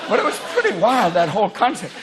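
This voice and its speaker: A man from the United States doing a stand-up comedy set on stage, animated, shouting out impressions of politicians. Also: sits high, quick pace. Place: large theatre before a live audience. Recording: loud crowd laughter and noise.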